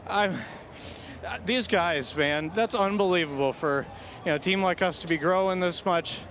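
A race car driver in a post-race interview, emotional and halting, thanking his team. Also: high-pitched, fairly bright tone. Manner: choked up, halting, grateful. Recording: faint outdoor track noise.

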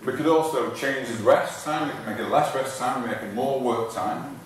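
A man's voice: mid-range voice, normal speed, slight background noise. Breathless male trainer in an echoey hall. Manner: informal, repeats phrases, restarts sentences. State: out of breath while exercising. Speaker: fitness trainer giving a talk. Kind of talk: live talk with demonstration. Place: large echoey hall in front of an audience. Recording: echoey hall recording from far off.

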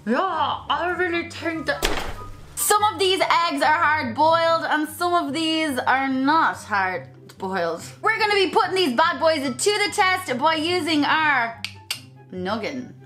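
A woman's voice: high-pitched, big pitch swings, unhurried, pushed and bright, faint music behind. An Irish woman vlogging in a casual, chatty way, often giggling, tripping over her words and correcting herself. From Ireland. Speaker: YouTube vlogger.

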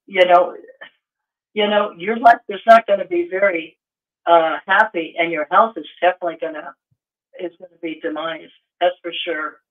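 High-voiced man on a thin phone line. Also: normal speed. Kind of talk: casual chat.

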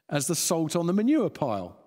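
A man's voice: fairly high pitch, a little mellow. A man preaching a sermon, chuckling often and restarting phrases as he thinks aloud. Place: church hall. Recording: long church reverb.

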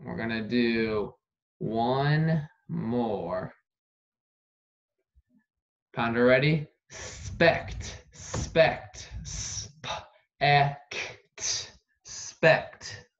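A man teaching an online phonics lesson, saying each word slowly and repeating it for dictation. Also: mid-range voice, animated. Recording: dull lo-fi recording.

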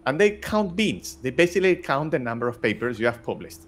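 A man's voice: mid-range voice, big pitch swings, a little fast, a bit bright. A middle-aged man from Spain, talking bluntly as an interview guest with many restarts. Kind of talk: casual interview talk.

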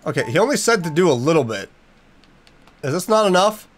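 A man's voice: fairly high pitch, big pitch swings, brisk, faint music behind. A man giving let's play commentary, jumpy and reactive, talking to the game's characters and using mild minced oaths. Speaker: gaming YouTuber.

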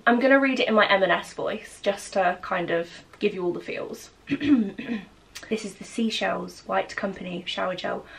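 A woman, a little husky today, chatting excitedly and self-deprecatingly through a home haul vlog. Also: medium pitch. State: slightly husky. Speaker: lifestyle vlogger.

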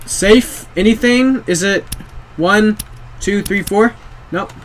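A man's voice: high-pitched, slow, slight background noise. A young man playing a horror game, jumpy, swearing often and talking to himself. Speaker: gamer.

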